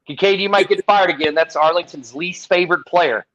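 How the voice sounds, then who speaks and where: Teasing man with a bright, high voice. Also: fairly quick, dull audio. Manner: teasing, playful. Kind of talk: casual sports podcast chat.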